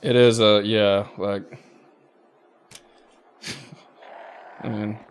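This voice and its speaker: A man's voice: fairly low pitch, level tone, drawn-out words, background noise. Sweary man chatting over gameplay. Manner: swears freely, rambling, mutters while playing. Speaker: let's play host. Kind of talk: casual chat over gameplay.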